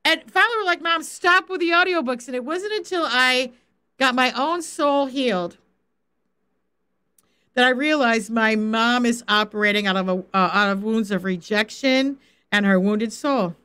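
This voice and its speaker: A high-voiced woman teaching the Bible in a relaxed live-stream way. She is animated and laughs easily, slipping into little acted-out quotes to make her points. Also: moderate pace, smooth. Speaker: faith coach and Bible teacher.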